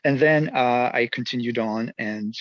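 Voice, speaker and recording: A musician with a French accent, telling stories in a casual interview, animated and laughing often. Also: male voice, medium pitch, a little slow, no room sound, lo-fi sound. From near Geneva. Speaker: musician guest.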